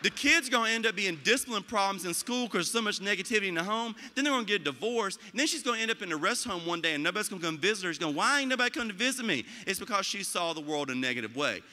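A man giving a motivational talk about school leadership, animated and acting out quoted voices. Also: high-pitched, rapid-fire, few pauses, big-room sound. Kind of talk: motivational speech.

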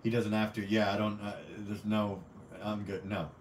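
A young man hosts a casual livestream, reading viewer comments and trading crude, playful banter full of profanity, teasing, jokes and frequent laughter. His voice is lowish, with a level tone and a moderate pace. He is off-mic and some distance away in an echoey room, with a faint hum in the background.

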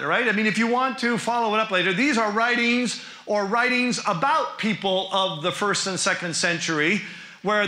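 A man who teaches the New Testament as a professor, giving an animated church lecture full of rhetorical questions. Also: sits high. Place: church hall. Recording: roomy church hall.

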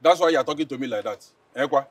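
A man's voice: medium pitch, racing, no echo, natural voice. An actor playing a crude, boastful Nigerian chief who mocks his wife, with a Nigerian accent, recorded from a distance. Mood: scolding. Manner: mocking, taunting, crude. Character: boastful philandering middle-aged chief, crude. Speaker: husband and chief. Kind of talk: Nollywood film acting.

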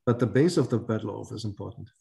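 A man's voice: on the low side, quick pace, creaky, warm tone. A man leading a reading group discussion, thinking aloud and often correcting himself.

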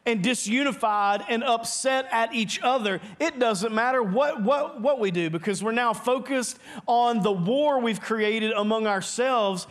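High-pitched guy preaching in church, earnest, keeps repeating words as he pushes his point. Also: a bit bright. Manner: earnest, emphatic preaching with quick repeated restarts. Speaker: pastor. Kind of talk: sermon. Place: church sanctuary.

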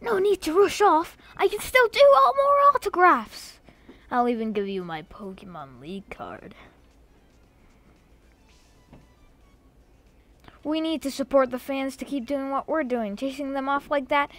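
A woman reading out the lines of a cocky young male rival trainer from a video game in her own bright voice. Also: high-pitched, very animated, moderate pace. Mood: boastful.

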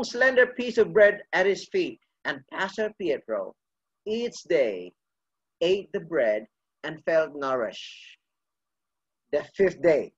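A man's voice: sits high, fairly bright tone, slightly rough, lo-fi sound. A male pastor preaching a sermon through a vivid story, acting out each character as he goes.

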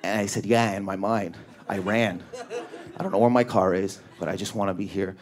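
A young man from Canada doing a high-energy, neurotic stand-up routine on a comedy club stage, acting out characters. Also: fairly even intonation, a little fast, noisy background. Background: audience laughing.

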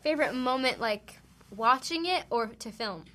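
A woman's voice: fairly high pitch, normal speed. A woman actress being interviewed, chatting casually and telling stories with animation. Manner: animated storytelling. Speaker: actress guest.

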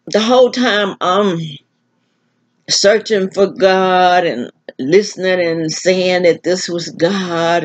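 An older woman, talking to camera in a slow, musing, rambling monologue full of restarts. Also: lowish voice, husky, highs cut off. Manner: slow, musing, with many restarts and filler words. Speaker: vlogger.

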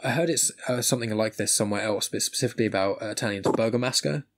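A man's voice: fairly low pitch, very fast. An English man hosting a podcast, chatting casually and rambling with frequent restarts. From England. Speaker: podcast host. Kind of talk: casual chat.

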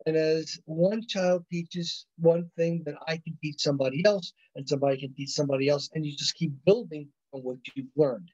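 A man with a fairly high, slightly mellow voice teaches a college psychology class over a video call in a recorded online lecture. He rambles, corrects himself often, and keeps checking in with "right?" and "you know." The audio is dull, lo-fi video call sound.

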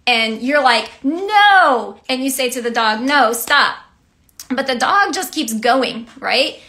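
A woman's voice: a little high, moderate pace, bright, forceful tone. A woman giving a casual devotional teaching. She talks in a chatty way, often asks "right?" and laughs lightly. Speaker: Christian teacher and vlogger.

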